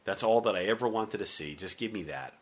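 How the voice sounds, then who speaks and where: A man hosting a sports talk radio show, talking in an energetic, joking, conversational way into a studio microphone. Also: on the low side, fairly quick, slight background noise.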